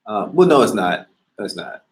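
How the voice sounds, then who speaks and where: Animated, profane man talking casually. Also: fairly low pitch, moderate pace. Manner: profane, slangy, animated storytelling. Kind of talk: casual monologue.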